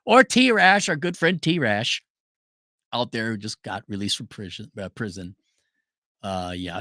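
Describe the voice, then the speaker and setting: A man's voice: on the low side, expressive, unhurried, bright, forceful tone, no room sound, studio quality. A man hosting a livestream, reading viewer super chats and answering them in a blunt, sarcastic rant. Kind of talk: livestream commentary.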